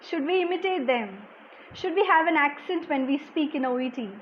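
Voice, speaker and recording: A woman from India, a language exam coach, teaches a live-streamed lesson, reading out viewer comments and answering chat questions in an explanatory way. Her soft-spoken, low-volume voice is expressive at a normal speed, with frequent "okay"s. The lo-fi sound carries slight background noise.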